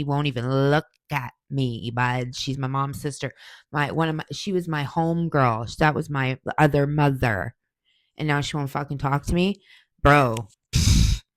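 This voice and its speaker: A podcast host in her forties with a bass voice answers questions in a casual monologue, telling stories bluntly, profanely and heatedly. No room sound is audible.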